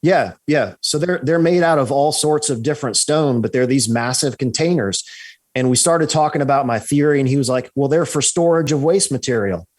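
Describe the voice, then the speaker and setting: A man talks as an interview guest, in a middle-pitched voice of everyday strength. He tells his story with energy, checking in with the listener and often stumbling over his starts. The delivery is loose and conversational. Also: normal speed. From United States. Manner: animated, repeats "right?" and restarts. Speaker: podcast guest, researcher.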